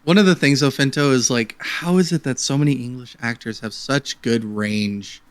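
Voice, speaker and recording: A man's voice: mid-range voice, normal speed, clean tone. A man joining a casual podcast chat, speaking in an enthusiastic way and laughing and swearing often.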